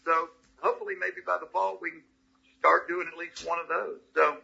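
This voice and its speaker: A man in his sixties with a thick Southern accent, a comedian telling anecdotes in a folksy, animated way during a casual interview. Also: a little high, a little fast, vocal fry, breathy edge, dull audio. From Georgia, US. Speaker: comedian guest.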